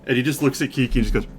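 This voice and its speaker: A man narrating as game master, loose and conversational with frequent restarts. His voice sits in the middle range. Quiet music runs under the scene. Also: medium pitch. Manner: casual, full of fillers and restarts.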